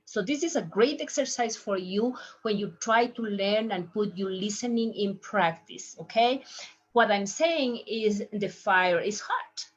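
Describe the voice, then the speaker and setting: A woman with a Spanish accent teaching Spanish, slowly and patiently repeating each word in several pronunciations, in slightly broken English. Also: medium pitch, husky, lo-fi sound. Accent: Spanish-speaking. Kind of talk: slow language lesson with repeated pronunciation drills.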